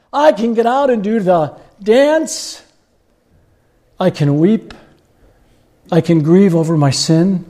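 A man preaching a sermon with animated storytelling, chuckling often as he talks. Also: high voice.

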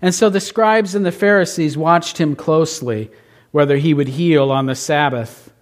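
A man's voice: a little high, normal speed. A man preaching a sermon to a congregation, often posing rhetorical questions and adding playful asides. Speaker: pastor.

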